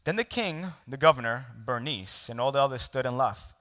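A man's voice: mid-range voice, animated, moderate pace, a bit bright. A man preaching a sermon, telling a personal story with laughs and asides to the congregation. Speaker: pastor. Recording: long hall reverb.

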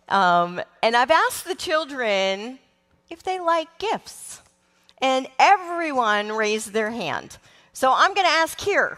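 Her voice medium-pitched and a bit bright, a middle-aged children's ministry leader delivers a sermon in a large church sanctuary. She speaks earnestly and emotionally, dropping in frequent ums, and the recording carries long hall reverb.

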